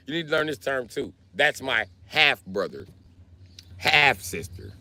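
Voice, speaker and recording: Male streamer host, deep-leaning, swooping delivery, crude animated banter. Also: unhurried, pauses often. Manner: profane, animated storytelling with voiced asides. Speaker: livestream host. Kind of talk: casual livestream chat.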